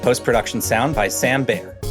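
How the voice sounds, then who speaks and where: A man's voice: mid-range voice, moderate pace, over music. A man hosting a podcast, reading the outro and credits with wry, self-mocking asides. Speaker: podcast host. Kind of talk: scripted outro narration.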